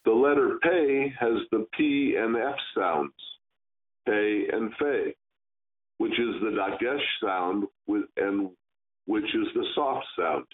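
A man teaching Kabbalah, giving a slow, stern lesson on pronouncing Hebrew letters and stretching words to demonstrate. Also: fairly low pitch. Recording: tinny phone-like sound.

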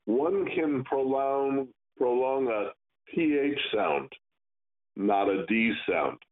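Man teaching hebrew letter sounds, really slow and stern, drags words out to show them, tinny phone-like audio. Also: medium pitch. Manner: slow, instructive and stern, stretching words to demonstrate. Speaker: Kabbalah teacher.

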